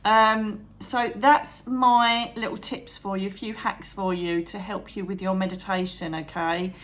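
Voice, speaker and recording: A woman chatting to camera about meditation as a psychic medium and channel host, animated, calling viewers darling and trailing off mid-thought. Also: mid-range voice, a little slow. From England. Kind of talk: chatty advice vlog to camera.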